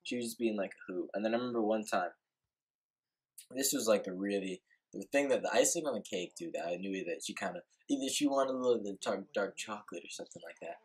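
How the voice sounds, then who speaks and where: A man's voice: on the low side, fast talker, husky. A young man telling a rambling, laid-back story in a casual vlog, full of filler words and swearing. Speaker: vlogger.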